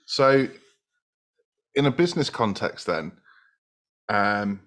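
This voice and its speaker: A man's voice: lowish voice, sing-song, slow pace, fairly bright tone. A man hosting a podcast, talking in a reflective, agreeable way as he builds on his guest's points. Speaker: podcast host. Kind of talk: casual podcast conversation.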